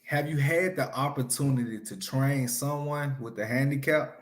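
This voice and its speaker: A man's voice: medium pitch, normal speed. A man from Alabama with a Southern accent, hosting a casual interview in an easygoing way and often repeating his words. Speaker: interview host.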